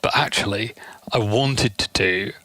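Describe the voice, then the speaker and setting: A man's voice: on the low side, a little slow, bright, forceful tone, no room sound. A young man streaming shoot-'em-ups, tired, rambling and swearing freely. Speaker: game streamer. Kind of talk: casual gameplay stream commentary.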